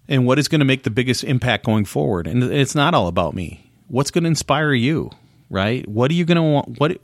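A man with a fairly low voice hosts a casual solo podcast. He talks to his listeners conversationally and leans on rhetorical questions. The sound is dry and close. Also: no room sound. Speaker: podcast host.

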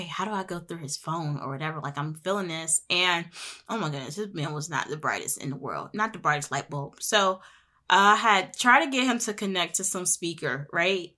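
Young woman host, casual storyteller, bright and slightly low-pitched, animated. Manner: chatty and animated, acting out quoted voices.

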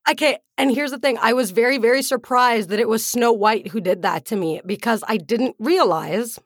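A woman's voice: on the high side, moderate pace, no echo, studio quality. A woman co-hosting a podcast, chatting casually, self-mocking and laughing often. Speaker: podcast co-host. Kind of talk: casual chat.

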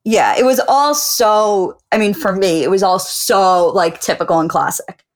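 A woman's voice: mid-range voice, measured pace. A woman co-hosting a podcast in casual chat, talking earnestly with plenty of "like" fillers. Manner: earnest, chatty, many "like" fillers. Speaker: podcast co-host.

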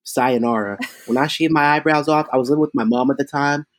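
A man who performs as a drag queen, telling chatty, animated stories in a casual interview, with lots of fillers. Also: fairly high pitch, quick pace, no room sound.

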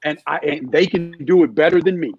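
A middle-aged man talking basketball as a podcast guest, halting and restarting often with many fillers. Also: a little high, vocal fry, slightly rough, muffled recording, faint music behind. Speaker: guest, former NBA scout. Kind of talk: casual podcast chat.

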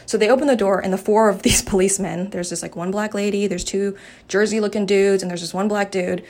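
A woman's voice: mid-range voice, steady tone, fast, a little mellow. A podcast host, a woman, shaken and upset, recounting a confrontation with agitated swearing. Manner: agitated, swearing, quoting others in raised voice. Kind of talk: angry personal story.

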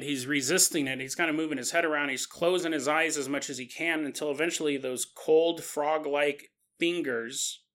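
A man hosting a podcast and telling a paranormal story in a lively, conversational way. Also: fairly high pitch. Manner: animated, conversational retelling. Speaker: podcast host.

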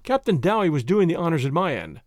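A man narrating an audiobook in a measured, expressive storytelling manner. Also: a little high, no room sound, clean studio sound.

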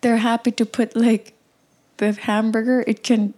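A woman's voice: fairly high pitch, little pitch movement, measured pace, mellow. Blunt, fervent young woman from the Arctic. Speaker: speaker sharing her views. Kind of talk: impassioned personal talk.

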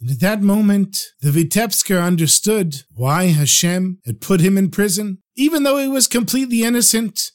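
A man tells a story for a podcast, his voice pitched fairly high for a man. His delivery is animated and engaged, and he carries the listener along through the tale. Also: normal speed, few pauses.

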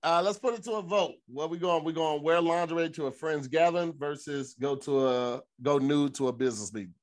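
A man's voice: a little high, fairly quick. A laid-back man co-hosting a casual podcast chat and steering it on. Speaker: podcast co-host.

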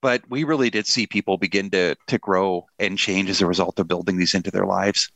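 Earnest middle-aged pastor, low dry voice. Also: male voice, fairly even intonation, a little fast, a bit bright, no room sound. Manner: earnest, thoughtful, with self-deprecating humor. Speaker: pastor and author, guest. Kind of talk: conversational interview.

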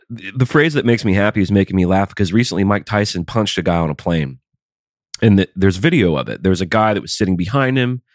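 A man co-hosting a casual podcast, telling stories in an animated, profane way. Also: lowish voice, dry recording, studio quality.

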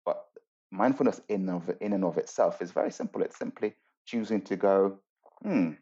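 A man speaks as a podcast guest, his voice low and mellow. He explains earnestly and thoughtfully, pausing and restarting as he works through ideas. The audio sounds slightly dull and muffled. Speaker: guest, mindfulness teacher.

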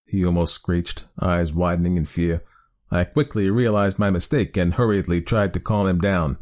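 A man narrating a spooky storybook tale with a measured, expressive reading. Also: sits low.

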